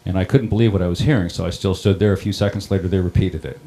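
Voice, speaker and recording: A middle-aged man who runs a town water system recounts a personal story in a plain-spoken, halting way. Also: sits low, fairly even intonation, dark tone. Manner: plain-spoken, halting, many ums and restarts. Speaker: water district operator on a panel.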